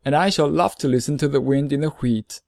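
Storybook fox read by a man: wise, lonely, patient, a touch higher than plain talk, dry close sound. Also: creaky, a little mellow, no room sound. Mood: earnest. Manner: earnest, measured, explaining slowly. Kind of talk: storybook reading.

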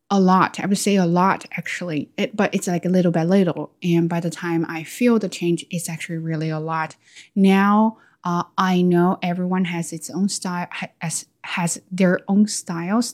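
A woman talking through her thoughts in a candid, self-questioning casual monologue. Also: mid-range voice. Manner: candid, self-questioning, with lively quoted asides. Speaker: vlogger.

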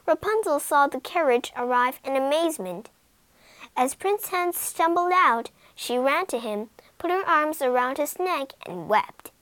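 A woman narrating a fairy tale in an expressive, dramatic storytelling manner. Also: high voice, measured pace, no room sound, poor audio.

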